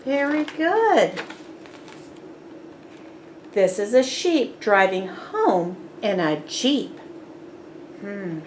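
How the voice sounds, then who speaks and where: A woman reads a children's storybook aloud very slowly and patiently, praising the listener and asking rhyming quiz questions. Her mid-range voice swings widely in pitch, and a little hiss or hum sits under the recording.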